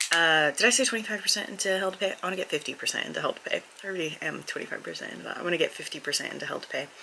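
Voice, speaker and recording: A woman's voice: lowish voice, vocal fry, pushed and bright, a little hiss or hum, low-quality recording. A woman book vlogger chatting candidly and rambling about her reading, recorded on a camera mic at home. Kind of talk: casual vlog chat.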